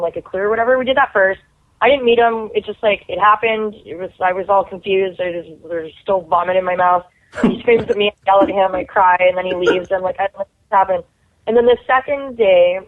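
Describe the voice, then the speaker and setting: A woman, a guest actor telling stories in a chatty, animated way full of "like" fillers. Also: medium pitch. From Canada. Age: 30s. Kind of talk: casual storytelling. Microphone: phone call. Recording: tinny phone line.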